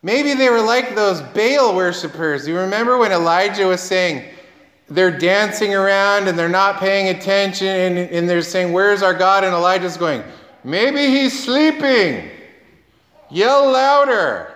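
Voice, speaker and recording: A man's voice: sits high, moderate pace, a bit bright, big-room sound. A man preaching a sermon as pastor, conversational, quizzing the congregation and acting out quoted dialogue.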